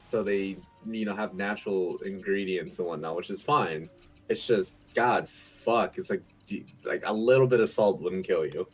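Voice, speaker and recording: Chill guy on stream swearing a lot, lowish voice, faint music in the back. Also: moderate pace, breathy edge, low-quality recording. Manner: blunt, profane, laid-back. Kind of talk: casual chat.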